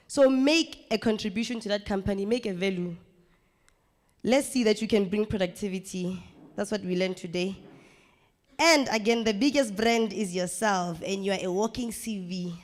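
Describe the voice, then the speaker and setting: Woman coaching in an echoey room. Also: medium pitch. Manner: lively, coaching, acts out quick scenes. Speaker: trainee presenting a summary. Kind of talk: workshop presentation. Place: training room. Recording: reverberant training room.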